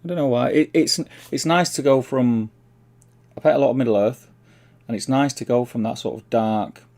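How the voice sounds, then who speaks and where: Gravelly-voiced Mancunian man chatting. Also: mid-range voice, darkish tone. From Manchester, England. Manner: rambling, reads chat aloud, chummy "mate". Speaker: livestream host. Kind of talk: casual livestream chat.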